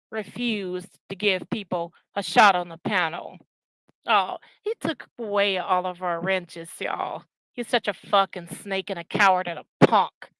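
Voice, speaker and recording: A woman's voice: medium pitch, a bit bright, clean tone, dry recording, rough recording. A woman hosting her own channel, ranting with profane, scornful and confrontational talk. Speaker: channel host. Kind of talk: angry ranting commentary.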